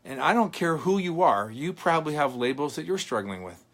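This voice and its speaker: A middle-aged man, a motivational speaker, telling a personal story in an earnest, dramatic church talk with pauses for effect. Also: a little high, lively intonation, fairly bright tone.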